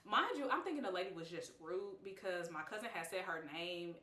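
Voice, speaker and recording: A young woman tells a storytime for her vlog, blunt and slangy, laughing often and playing out what everyone said. Her voice is bright and forceful. She sits a bit back from the mic in a roomy, echoey space. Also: fairly low pitch, brisk. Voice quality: animated, expressive, lively quoting of others. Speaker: vlogger. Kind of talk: casual storytime. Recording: roomy, slightly distant mic.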